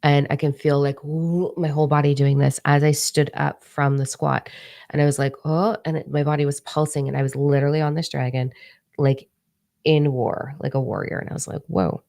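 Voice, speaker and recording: A woman's voice: low-pitched, flat delivery, a little fast, gravelly, dark tone, dry recording, studio quality. A woman in her forties, a spiritual teacher telling a story in a casual, rambling monologue, blunt and swearing freely. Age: 40s.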